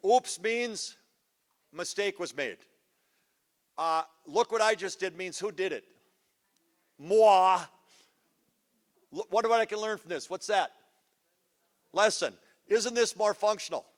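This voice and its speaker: A man's voice: high-pitched, moderate pace, a bit bright. A man giving a punchy, teasing workshop talk to a live audience of parents, quizzing them as he goes. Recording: live hall with long reverb.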